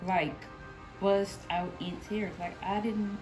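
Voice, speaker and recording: A woman's voice: medium pitch, steady tone, measured pace, over music, poor audio. Young woman telling a candid personal story. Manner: candid and rambling, with many "like"s and "y'all"s. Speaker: vlogger, new mother sharing her story. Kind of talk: casual personal storytelling to camera.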